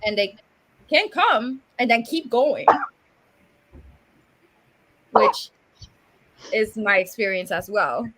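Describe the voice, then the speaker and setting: A woman's voice: medium pitch, lively intonation, slow pace, pauses often, noisy background. A woman with a Puerto Rican accent, co-hosting a casual chat, joking and switching between English and Spanish. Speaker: podcast co-host.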